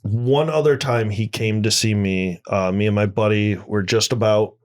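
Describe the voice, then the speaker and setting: Male interview guest, lower register, halting and restarting delivery. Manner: halting, many restarts, recounting a harrowing experience. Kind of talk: podcast interview storytelling.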